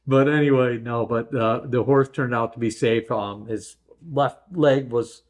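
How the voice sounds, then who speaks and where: A man's voice: mid-range voice, steady tone, a little slow. A middle-aged man hosting a story channel, chatting casually and rambling with many fillers and restarts. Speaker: host. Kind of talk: casual chat.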